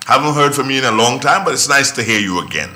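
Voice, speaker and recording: A man hosting a morning radio show, bantering in a jokey, lively way. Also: medium pitch, quick pace, a little hiss or hum. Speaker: radio host.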